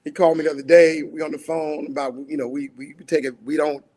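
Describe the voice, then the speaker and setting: A man's voice: fairly high pitch, steady tone, fast, a little mellow. A grieving man speaking as a guest on a talk show, raw and emotional, swinging between laughter and anger. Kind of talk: livestream talk show conversation.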